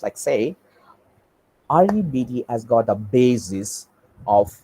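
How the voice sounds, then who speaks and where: A man giving an online lecture, telling a story and acting out its characters. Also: poor audio. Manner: animated, acts out story characters with big pitch swings. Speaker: guest lecturer.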